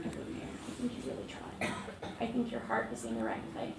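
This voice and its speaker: A woman activist giving unplanned testimony at a city council meeting. She is trembling and emotional, and she speaks haltingly with many fillers and restarts. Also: a bass voice, big pitch swings. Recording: echoey council chamber from far off, with background noise.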